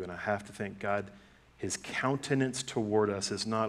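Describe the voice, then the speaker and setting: Middle-aged pastor preaching in a storytelling way. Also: male voice, lowish voice, normal speed. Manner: conversational storytelling with lively acted-out quotes. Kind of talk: sermon.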